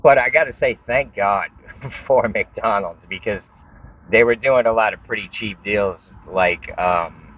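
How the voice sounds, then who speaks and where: A man's voice: on the low side, measured pace, muffled recording. A man telling a personal story in a casual, rambling way, often repeating words and restarting sentences.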